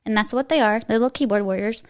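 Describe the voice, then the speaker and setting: A woman's voice: fairly high pitch, fast. A woman with an eastern Kentucky twang talking as a podcast guest in a chatty, emphatic way, often restarting her sentences. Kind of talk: casual interview chat.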